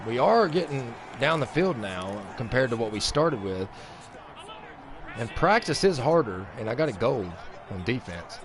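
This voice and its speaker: With a medium-pitched voice and a slightly slow delivery, this man hosts a sports video game channel, narrating a let's-play in mock play-by-play fashion. He vents, going from flat grumbling to excited outbursts, and there's background noise.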